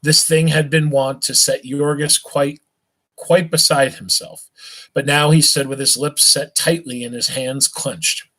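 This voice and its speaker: A man reading a novel aloud on a live stream, at an unhurried pace, stumbling and restarting now and then and stopping for small asides to his listeners. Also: fairly high pitch, fairly even intonation, bright, forceful tone, low-quality recording. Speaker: reader.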